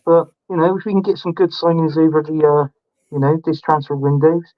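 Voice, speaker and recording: A man's voice: a little high, little pitch movement, fairly quick, dull audio. A man chatting casually about football, hesitant with many fillers. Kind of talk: casual chat.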